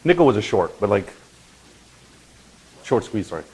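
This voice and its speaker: A man hosting a crypto channel, talking in a casual, animated explainer style and often checking in with "right?" and "okay?". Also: on the low side, moderate pace, breathy edge, low-quality recording. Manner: animated, swings into loud mock voices and profanity; conversational with frequent "right?" and "okay?".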